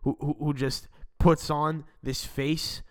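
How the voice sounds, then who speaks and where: A man's voice: a little high, little pitch movement, slow pace. Male podcast host, casual solo rant, rambling, profane, stammering restarts, desk mic. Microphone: desk mic without arm.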